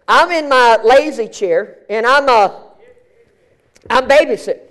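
A middle-aged male pastor tells a story during a sermon in an animated, colloquial way, often repeating and restarting words. He has a very high voice and an unhurried pace.

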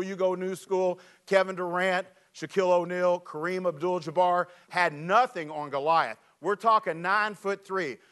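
A preacher man with a fairly high voice gives an animated, storytelling sermon and reads scripture aloud. His voice sounds a little weak and worn. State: slightly weak voice. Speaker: pastor.

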